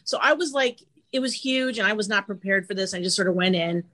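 A middle-aged woman guest talks through her stories with animated energy. Her voice sits in a middle pitch and keeps bouncing as she builds each anecdote. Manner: animated, quick storytelling with lively vocal swings. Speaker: guest actress. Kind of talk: casual interview storytelling.

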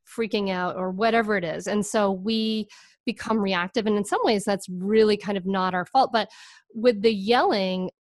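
A woman hosting a podcast in casual conversation, animated and relatable, using lots of fillers. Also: medium pitch, normal speed, no room sound, clean studio sound. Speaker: podcast host.

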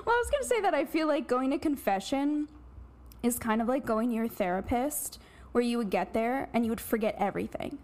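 A woman's voice: a little high, expressive, fairly quick, a little mellow. Chatty laughing woman podcast guest. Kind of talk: casual podcast chat.

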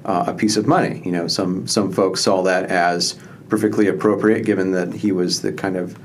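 A man's voice: low voice, steady tone, normal speed, slight background noise. A man from southwestern Ohio, a historian and interview guest, speaking thoughtfully with many fillers and restarts. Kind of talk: conversational interview.

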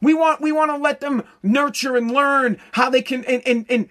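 A man delivering a profane comedic rant, loud and full of stammered repetitions. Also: very high-pitched, steady tone, normal speed, hardly any pauses.

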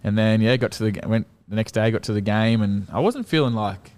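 A young man from Australia's Central Coast with an Australian accent, a guest telling a story in a relaxed, rambling way and swearing casually. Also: fairly low pitch, brisk. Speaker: guest, rugby league player.

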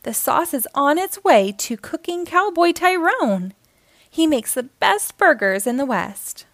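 A woman's voice: sits high, big pitch swings, a little slow, fairly bright tone, no echo, pitched above the performer's own voice, exaggerated voice. A woman voicing a cheerful young cowgirl hero in a storybook read-aloud.

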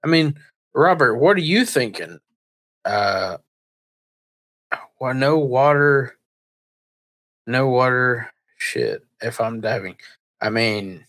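A man's voice: mid-range voice, sing-song, slow pace, pauses often, fairly bright tone. Rambling, foul-mouthed man on a podcast. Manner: rambling, swears freely, tells anecdotes with quoted voices. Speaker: podcast co-host. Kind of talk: casual crude comedy chat.

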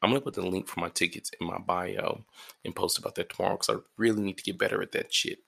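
Sleepy, gravelly, low-voiced man. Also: steady tone, fast, pushed and bright. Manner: rambling, profane and self-deprecating. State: sleepy, yawning early in the morning. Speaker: podcast host and stand-up comedian. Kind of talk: casual solo podcast monologue. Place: his apartment.

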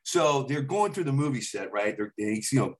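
Lively man telling rambling stories. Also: medium pitch. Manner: animated, slips into quick celebrity impressions and quoted voices; loose, rambling delivery with many restarts and laughs. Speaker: podcast guest, impressionist. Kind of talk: casual storytelling chat.

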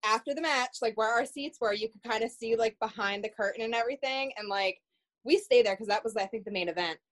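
Podcast guest, woman, excited and gushing, casual delivery. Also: on the high side, quick pace. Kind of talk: casual chat.

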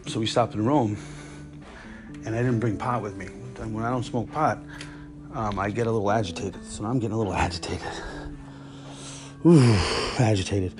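A man's voice: fairly low pitch, fairly even intonation, brisk, over music. A man hosting a podcast, telling stories in a casual, blunt and profane monologue. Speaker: podcast host.

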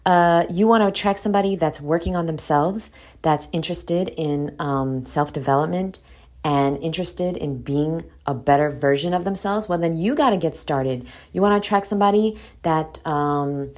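A woman's voice: deep voice, a little mellow. A woman hosting her own solo podcast, giving listeners a chatty pep talk and calling them "boo". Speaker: podcast host. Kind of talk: casual solo podcast monologue.

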